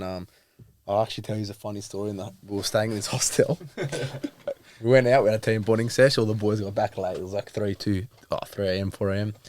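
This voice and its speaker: A man's voice: lowish voice, darkish tone, no room sound. A young man, a rugby player guest on a podcast, talking in a laid-back, rambling way. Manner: laid-back, rambling, lots of fillers and laughs. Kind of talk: casual chat.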